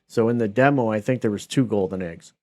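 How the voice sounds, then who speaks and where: Low-voiced man streaming a game. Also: brisk, mellow. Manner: thinks aloud, reads menus, trails off in asides. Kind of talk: casual gameplay commentary.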